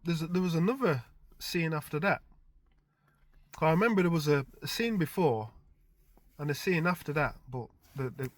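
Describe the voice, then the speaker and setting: A middle-aged man who vlogs about his dreams rambles casually through one, his fairly high voice lively in intonation and at a normal speed. Chuckles come frequently, as do the fillers "like" and "type thing."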